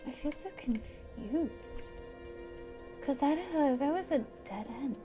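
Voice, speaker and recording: A woman streamer chatting casually while she plays, thinking aloud in a meandering way and often dropping to soft asides. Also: high-pitched, slow pace, over music. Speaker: live streamer. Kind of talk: casual gameplay commentary.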